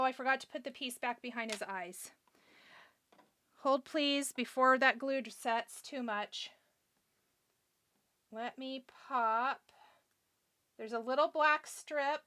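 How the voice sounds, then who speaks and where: High-voiced chatty crafting host. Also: female voice, bright, forceful tone. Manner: chatty and self-deprecating, talking to herself as she works. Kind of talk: live craft tutorial, reading viewer comments.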